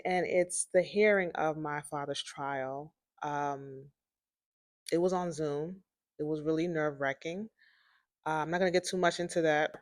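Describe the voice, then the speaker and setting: Bright-voiced woman telling her story. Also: fairly low pitch, dry recording, studio quality. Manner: rambling and repetitive, addresses listeners as "y'all". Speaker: host of a personal story series. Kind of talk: casual personal storytelling.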